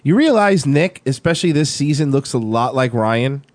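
A male podcast co-host with a medium-pitched voice and normal pace tells animated, profane stories in a loose, casual chat. The recording is dry.

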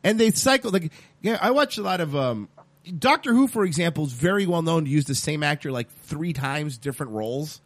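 A man co-hosting a podcast, chatting casually in an animated, jokey, profane way. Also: on the high side, fairly quick, no room sound. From Hispanic background. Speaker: podcast co-host. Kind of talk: casual chat.

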